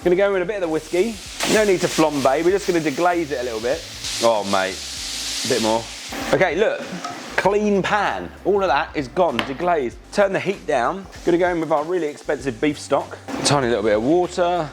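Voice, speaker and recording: A man's voice: on the high side, expressive, fairly quick, noisy background. An enthusiastic man, hosting a casual cooking demonstration in chatty, slangy talk. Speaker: cooking show host. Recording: music playing behind.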